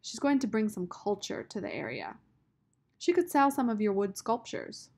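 A woman reading aloud and voicing a bossy, fierce young girl who demands answers and shouts when she is angry. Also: medium pitch, wildly swooping pitch, normal speed, vocal fry, full character voice. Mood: haughty.

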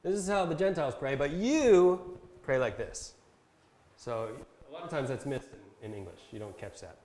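A man presenting a Bible translation workshop, explaining step by step in a casual instructional style with fillers, and reading verses slowly. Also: mid-range voice, sing-song, darkish tone, a little hiss or hum. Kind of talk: casual instructional talk with screen demo. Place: talk given at a camp session. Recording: echoey room sound.

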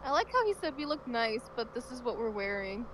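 A woman's voice: on the high side, big pitch swings, fairly quick, a bit bright, slight background noise, rough recording. A woman chatting casually during a game playthrough, laid-back and giggly, with short replies. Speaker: co-player. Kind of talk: casual let's-play commentary.

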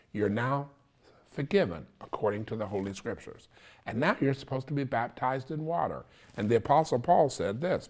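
A man preaching a sermon, teaching in short repeated phrases and checking in with "okay?". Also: mid-range voice. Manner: repetitive, insistent teaching with frequent "okay?" check-ins.

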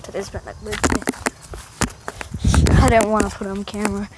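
A woman vlogging casually to her viewers in a backyard, excitable and slangy. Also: mid-range voice, normal speed. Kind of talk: casual vlog chat. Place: outdoors at home, backyard. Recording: loud outdoor background noise.

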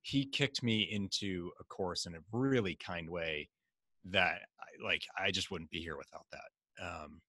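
A middle-aged man being interviewed, telling stories in a casual, animated way and acting out the voices of people he quotes. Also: sits low, unhurried, slightly rough, no room sound. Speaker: guest.

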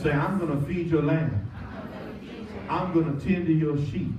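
Male pastor, high-pitched, emphatic preacher with call-and-response; recorded from a distance in a church. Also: fairly even intonation, fairly quick, roomy sound, dull audio, a crowd in the background. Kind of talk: sermon. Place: church sanctuary.

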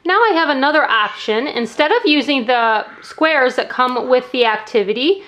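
A woman's voice: high voice, animated, normal speed, fairly bright tone. A woman teacher explaining a classroom math activity in a friendly way, counting aloud step by step. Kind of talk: instructional demo.

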